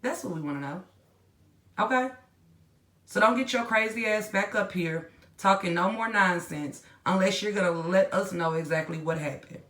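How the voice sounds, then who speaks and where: In a casual reaction commentary, this woman addresses her channel's viewers directly with blunt slang, first scolding and then winding down. Her voice is mid-range and a bit bright, at a moderate pace, and the sound is roomy.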